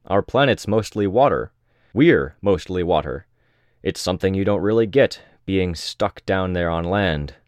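A man voicing a confident adult male hero in an audiobook, louder and proclaiming. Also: low-pitched, expressive, a little slow, dry recording, studio quality. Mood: lofty. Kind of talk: audiobook character voice.

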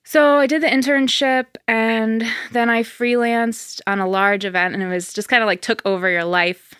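A woman's voice: fairly high pitch, steady tone, normal speed, fairly bright tone, clear, resonant tone, dry recording, studio quality. A woman, a wedding planner telling her story as a podcast guest, chatty and full of "um" and "like". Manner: chatty, many fillers like um and like. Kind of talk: casual interview.

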